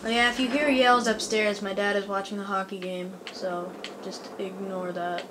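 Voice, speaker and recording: A woman giving chatty, excitable let's play commentary at home, talking back at the enemies on screen. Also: mid-range voice, normal speed, background noise. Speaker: gaming YouTuber.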